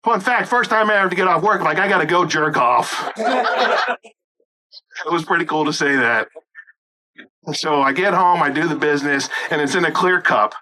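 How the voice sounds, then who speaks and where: A man performing a crude stand-up comedy set, shouting punchlines and acting out voices. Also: a little high, normal speed, long pauses, a little hiss or hum, low-quality recording. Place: rooftop event.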